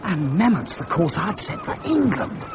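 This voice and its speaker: A fretful young English yachtsman talks in a high, wildly swinging voice in this radio drama. The sound is dull, with noise running behind him. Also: wildly swooping pitch, normal speed. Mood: worried. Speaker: companion character.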